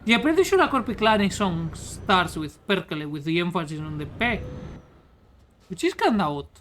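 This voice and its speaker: A woman's voice: on the low side, sing-song, moderate pace, a bit bright. Tipsy woman rambling over truck game noise. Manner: rambling, swears often. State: tipsy from beer. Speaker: livestreamer. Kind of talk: casual gaming stream chat. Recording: game engine noise behind voice. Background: truck driving game sounds.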